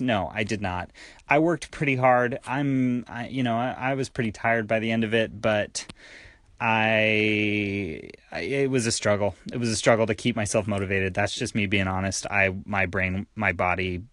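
A man's voice: on the low side, steady tone, moderate pace, fairly bright tone, dry recording. A tired young man hosting his own solo podcast, talking candidly in a rambling way with fillers and restarts. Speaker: podcast host.

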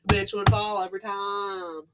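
A young adult woman co-hosting a podcast in casual chat. She is animated and giggly and swears freely. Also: mid-range voice, measured pace, loud music behind the voice. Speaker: podcast co-host.

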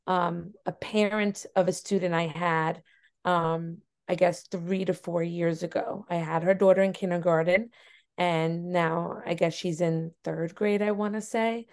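A woman's voice: lowish voice, fairly even intonation, measured pace. A young adult woman teacher, a podcast guest, telling a personal story earnestly with many fillers. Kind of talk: casual interview conversation.

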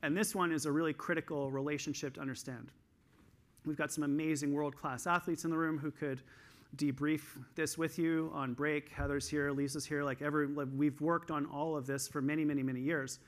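A Canadian man giving an energetic conference talk on stage, telling coaching stories in an animated way. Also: a little fast. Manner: highly energized, animated storytelling.

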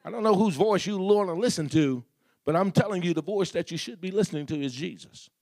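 A man's voice: high-pitched, brisk, darkish tone, dry recording, studio quality. A man preaching a sermon as pastor, building repeated refrains and asking the congregation questions.

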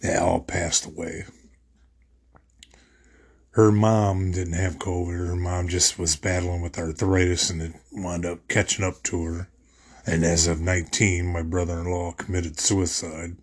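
Low husky-voiced man, rambling podcast monologue. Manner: rambling, emotional, repeats "I said" and "you know". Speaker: podcast host. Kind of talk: personal monologue.

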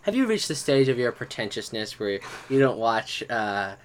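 A man's voice: mid-range voice, very animated, normal speed, a little hiss or hum. A young man co-hosting a casual movie podcast, asking questions and teasing his friend. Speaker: podcast co-host.

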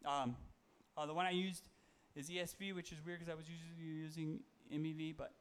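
A man's voice: a little high, level tone, brisk, slight background noise. A man giving a casual, conversational sermon, reading Bible verses and talking them through with fillers and self-corrections. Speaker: preacher.

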